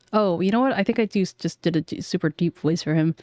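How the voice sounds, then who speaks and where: A woman's voice: fairly low pitch, fast, a little mellow, no echo. A woman streamer chatting casually and self-deprecatingly between game lines, swearing now and then.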